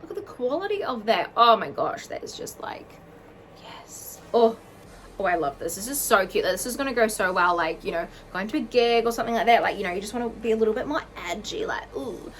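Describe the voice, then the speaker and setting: A young woman vlogging an excited unboxing at home, gasping and gushing over each item. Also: medium pitch, slight background noise. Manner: gushing, gasping, lots of "oh my God".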